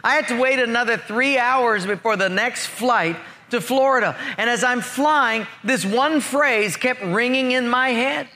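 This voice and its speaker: Man, pastor, sermon, bright tense voice, animated storytelling. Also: very high-pitched, a little slow, hardly any pauses. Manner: animated, acts out dialogue in his stories.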